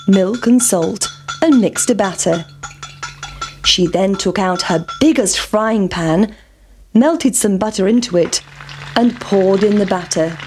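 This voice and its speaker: A woman reading a children's fairy tale aloud, slow and clear. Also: medium pitch, a little mellow, a little hiss or hum. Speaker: storyteller. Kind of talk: scripted narration.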